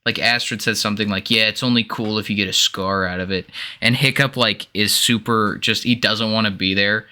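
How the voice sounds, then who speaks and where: A man co-hosting a casual podcast chat, crisp bright voice, quick to laugh and swear, animated delivery. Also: fairly low pitch. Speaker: podcast co-host.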